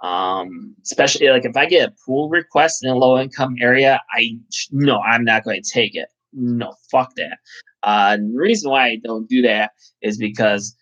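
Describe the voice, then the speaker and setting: A man's voice: medium pitch, moderate pace, fairly bright tone, lo-fi sound. A man hosting a casual live chat, rambling and swearing, with lots of fillers. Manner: rambling, profane, full of fillers. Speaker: channel host.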